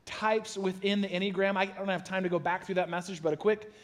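A male pastor gives a casual, conversational sermon in a church sanctuary, telling animated stories and adding self-deprecating asides. His voice is high-pitched and brisk.

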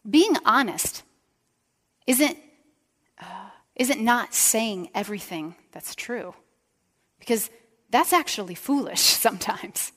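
A woman's voice: mid-range voice, measured pace, long pauses. Woman preaching in a reverberant church. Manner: animated storytelling, acts out quotes, drops to a whisper for emphasis. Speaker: pastor. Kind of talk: sermon. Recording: church hall with long reverb.

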